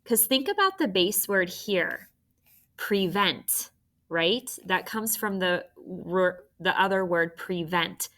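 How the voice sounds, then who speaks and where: A woman teacher walks young students through a phonics spelling lesson. She speaks slowly, pausing to spell out letters one by one. Her voice is bright and forward. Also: on the low side, lively intonation. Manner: slow, careful dictation, spelling out letters.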